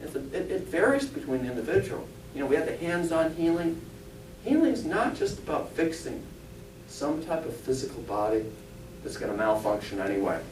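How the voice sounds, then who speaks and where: A man with a darkish voice and big swings in pitch talks fairly quickly. He's a spiritualist pastor and medium delivering a conversational sermon in a church hall, cracking jokes and putting rhetorical questions to the congregation. The recording is echoey, with a distant mic and a faint rumble.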